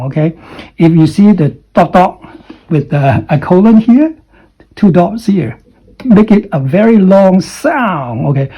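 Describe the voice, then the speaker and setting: A man teaching English pronunciation. He repeats letters and sounds over and over, swings his pitch up and down to show stress, and keeps checking in with "okay?". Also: very animated, slow, breathy edge, dull audio. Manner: drills sounds by repeating them, with exaggerated rising and falling pitch; frequent "okay?" and "you know" check-ins. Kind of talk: pronunciation lesson.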